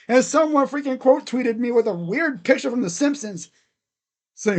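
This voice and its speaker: Excitable high-voiced man calling plays. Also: moderate pace, gravelly. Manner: excitable, swears casually, laughs often. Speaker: live play-by-play streamer. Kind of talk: casual play-by-play commentary.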